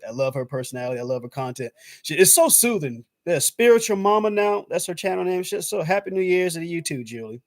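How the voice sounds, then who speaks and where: A man's voice: high-pitched, sing-song, fairly quick, no echo, studio quality. A man from the United States chatting casually on his channel's stream, loose and talkative, peppering his talk with "man" and acting out his own past thoughts. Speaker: YouTube channel host. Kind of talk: casual live-stream chat.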